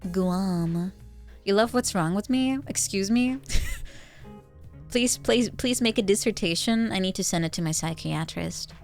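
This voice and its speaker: A woman from the Netherlands with a Dutch accent, chatting casually as a streamer, giggling often and squealing when excited. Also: mid-range voice, measured pace, gravelly, soft background music. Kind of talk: casual chat.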